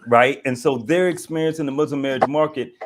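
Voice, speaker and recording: A man's voice: mid-range voice, fairly quick, background noise. A man hosting an online discussion who rambles, restarts his sentences and banters easily with his guests. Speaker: host.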